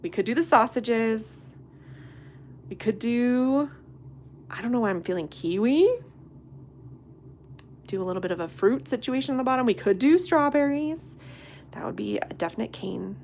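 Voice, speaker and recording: A woman in her thirties chatting on a live stream while she sculpts, bubbly and chatty, greeting viewers by name and dropping into soft asides. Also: a little high, animated, moderate pace, pauses often, slight background noise.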